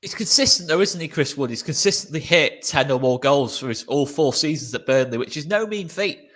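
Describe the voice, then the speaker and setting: A man's voice: fairly high pitch, expressive, fairly quick, a bit bright. Chatty football-podcast host, a man. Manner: chatty, laughs often, trails off into restarts. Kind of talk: casual football chat.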